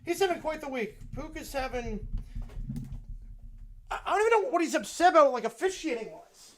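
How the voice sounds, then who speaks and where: A young man hosting a football reaction livestream from his home desk, reading viewer messages aloud in an excited, rambling way. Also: very high voice, fairly quick. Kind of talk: live stream chat reading donations. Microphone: desk mic with headphones.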